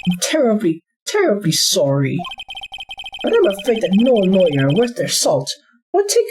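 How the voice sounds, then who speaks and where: A woman voicing a pompous, evasive older male lawyer, reading game dialogue with theatrical, drawn-out delivery. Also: wildly swooping pitch, noisy background. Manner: theatrical, drawn-out, swooping pitch. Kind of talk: game dialogue read aloud.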